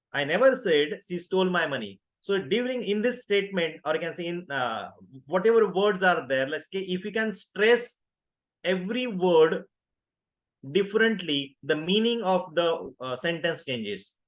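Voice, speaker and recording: A man's voice: a little high, fairly bright tone. A man in his fifties with an Indian English accent, giving an online workshop lecture, full of fillers and self-corrections. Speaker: workshop trainer.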